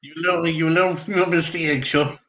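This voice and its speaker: A man's voice: fairly high pitch, steady tone, moderate pace, fairly bright tone. A southern Irish man in casual chat, laid-back and sweary, tagging "like" onto his phrases. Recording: roomy echo.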